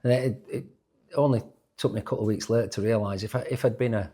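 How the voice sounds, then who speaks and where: An English former footballer of about sixty tells stories in a sports interview, speaking fast in a lowish, steady, warm voice with slight roughness. He restarts and repeats words as he goes.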